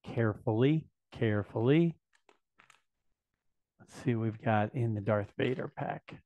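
A man's voice: on the low side, normal speed, creaky, no echo. A man in his fifties hosting a casual unboxing video, chatting enthusiastically and thinking aloud as he goes. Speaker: vlog host. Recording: dry, slightly dull lo-fi sound.

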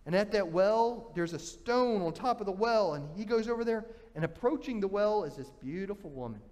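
A male pastor preaching a sermon, retelling a story in an animated way, often restarting his phrases. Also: high voice, moderate pace, big-room sound. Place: church sanctuary.

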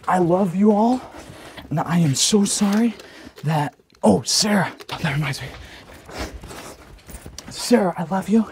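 A young man rambling through a flustered, hurried goodbye in a comedic vlog. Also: sits high, a little hiss or hum.

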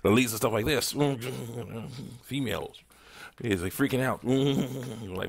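A man's voice: on the low side, normal speed, gravelly. A man hosting an online ministry talk, rambling casually through chat messages, chuckling often, with many fillers.

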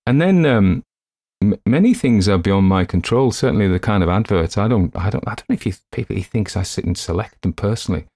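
Low-voiced rambling man. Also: animated, fairly quick, a little mellow. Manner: rambling, chatty, self-deprecating. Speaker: audiobook narrator. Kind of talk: casual afterword chat.

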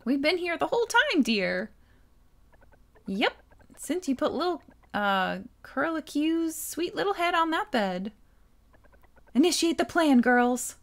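A woman's voice: sits high, big pitch swings, slow pace, long pauses, pitched above the performer's own voice, full character voice. A woman voicing doting, scheming older village women from a video game, in a sweet teasing manner. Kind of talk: reading game dialogue aloud.

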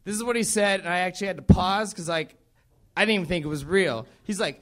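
A man's voice: high voice, fairly quick, fairly bright tone. A young man from the American South doing a profane, rambling stand-up set and laughing at his own jokes. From Southern United States. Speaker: stand-up comedian.

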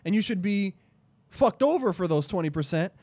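Lively bantering man, softly trailing off. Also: high voice, normal speed, no echo, studio quality. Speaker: podcast co-host. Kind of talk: casual chat.

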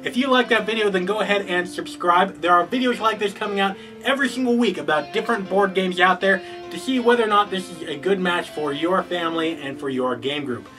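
A man's voice: sits high, a little fast, few pauses, far from the mic, faint music behind, poor audio. A man hosting a scripted board game review, upbeat, asking rhetorical questions before giving his verdicts.

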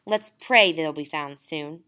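A woman reading the part of a caring female schoolteacher who speaks in an earnest, gently reassuring way. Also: low-pitched, slow, heavily acted. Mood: concerned. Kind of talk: audiobook dialogue.

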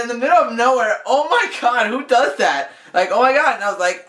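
Giggly woman vlogger, bright and bouncy, slow-spoken, in an echoey room. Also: fairly high pitch, animated. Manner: giggly, exclaims often, rambling. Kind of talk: giggly parody vlog chat.

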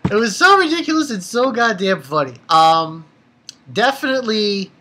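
A young adult anime reviewer giving a casual episode recap, rambling and excitable and swearing freely. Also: mid-range voice, normal speed.

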